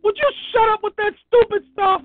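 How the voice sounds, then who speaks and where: Man imitating a scolding mother, shrill, high-pitched, tinny lo-fi sound. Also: a little fast. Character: nagging mother scolding her son.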